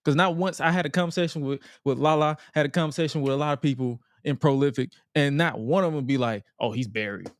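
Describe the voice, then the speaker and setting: A man's voice: on the high side, fast, few pauses, dry recording. Blunt, ranting man on a podcast. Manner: blunt, profane ranting with laughs. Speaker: podcast co-host. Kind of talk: casual chat.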